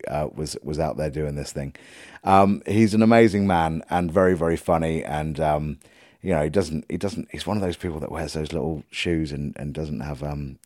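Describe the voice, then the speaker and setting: A man's voice: a bass voice, darkish tone, no room sound, clean studio sound. A middle-aged man from England hosting a podcast, talking casually with many ums, restarts and self-deprecating jokes. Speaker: podcast host and musician. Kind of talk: casual rambling monologue.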